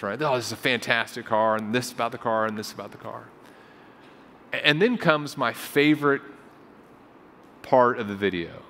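A man's voice: medium pitch, fairly bright tone, slight background noise. A male pastor preaching a sermon in a conversational storytelling way, often repeating phrases for emphasis, in a church sanctuary. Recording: long hall reverb.

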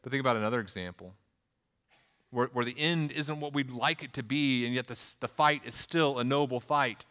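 Male Texan preacher, mid-pitched, chatty sermon delivery, long room reverb. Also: fairly quick, fairly bright tone. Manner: conversational preaching with restarts and quoted asides. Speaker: pastor.

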